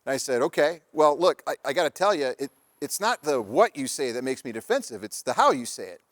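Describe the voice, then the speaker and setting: A man's voice: medium pitch, big pitch swings, a little fast, no room sound. Male speaker for a relationship talk, casual and anecdotal, restarts often, dry sound. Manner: conversational, anecdotal, with frequent restarts. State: married father. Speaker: presenter on relationships and parenting. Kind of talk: live presentation talk.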